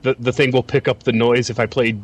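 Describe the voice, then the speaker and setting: A man's voice: mid-range voice, level tone, fairly quick. Stammering, hesitant man. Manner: hesitant, stammering, repeats words. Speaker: podcast co-host. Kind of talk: casual chat.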